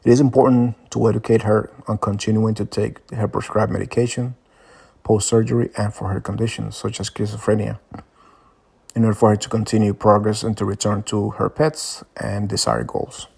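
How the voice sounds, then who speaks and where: A man reading out a clinical case summary and care plan in a plain, even way. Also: lowish voice, moderate pace, creaky, breathy edge. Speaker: student presenting a case. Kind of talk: read case summary narration.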